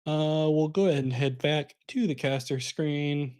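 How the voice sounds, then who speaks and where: A man's voice: on the high side, unhurried, a little mellow, clean tone. Casual, chatty male card-game caster. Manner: casual, chatty, addresses the live chat. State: sleepy, yawning. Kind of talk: live esports card game commentary.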